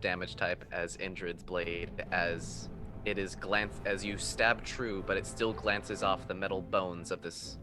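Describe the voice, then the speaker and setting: Male GM, a bit low, loose and profane, music playing under the stream. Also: fairly even intonation, measured pace. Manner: casual, profane, laughs often. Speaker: game master. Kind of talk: narrating a tabletop game. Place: live stream.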